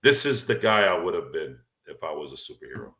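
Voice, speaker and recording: A man's voice: rumbling low, very animated, a little fast, background noise. A man hosting a casual chat, talking in an opinionated, rambling way with frequent restarts. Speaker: podcast host. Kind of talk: casual sports and movie chat.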